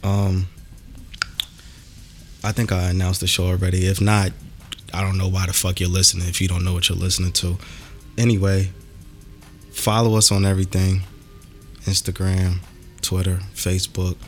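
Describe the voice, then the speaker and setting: A man's voice: low-pitched, monotone, moderate pace, pauses often, a little mellow, faint music behind. A man hosting a podcast in casual chat, ranting animatedly and cursing a lot. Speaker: podcast host.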